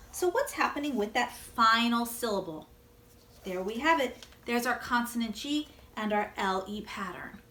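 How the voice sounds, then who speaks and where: A woman teacher giving a video word-study lesson to young children, gently encouraging them and pausing for answers. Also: on the high side, reverberant, slight background noise.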